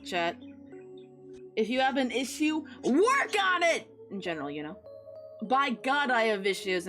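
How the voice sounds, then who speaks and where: A young woman chatting casually with her viewers while drawing, giving rambling, encouraging advice. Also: on the low side. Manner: encouraging, rambling, with playful sing-song noises. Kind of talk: casual livestream chat.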